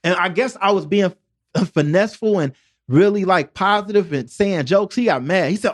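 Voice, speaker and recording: A man from Detroit with a fairly high voice tells his stories at a rapid clip. He is jokey and streetwise and keeps checking in with the listener through quick asides. The sound is close and dry, with no room around it. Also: expressive, no echo. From Detroit, USA. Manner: jokey, streetwise, full of "you know what I mean" asides. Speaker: podcast guest, door-to-door salesman. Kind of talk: animated storytelling in casual conversation. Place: podcast studio.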